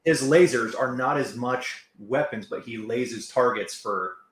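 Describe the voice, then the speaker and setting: A man co-hosting a casual livestream, making quick laid-back banter and joking asides. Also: mid-range voice. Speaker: livestream co-host. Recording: roomy echo.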